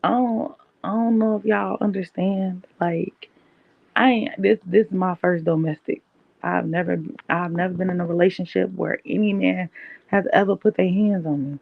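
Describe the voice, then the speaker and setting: A young woman, telling a personal story candidly on her podcast in a conversational, animated way. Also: lowish voice, moderate pace, gravelly, no room sound. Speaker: podcast host. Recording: dull, dry, lo-fi mic.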